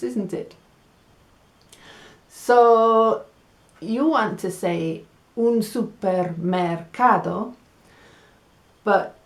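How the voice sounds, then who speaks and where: English woman, language teacher, slow and deliberate, echoey room. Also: medium pitch. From England. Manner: slow, deliberate, repeats words for practice. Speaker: Spanish teacher. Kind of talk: language lesson.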